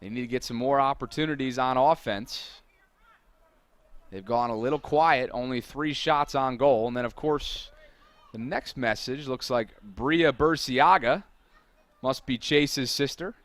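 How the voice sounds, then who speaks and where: A man calling a soccer match live from the press box at an ordinary mid pitch. He keeps a steady, chatty flow between plays and breaks into loud, excited calls when the action peaks. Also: measured pace, dry recording. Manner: energetic, builds to shouted calls on big plays. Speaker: play-by-play commentator. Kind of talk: live sports commentary.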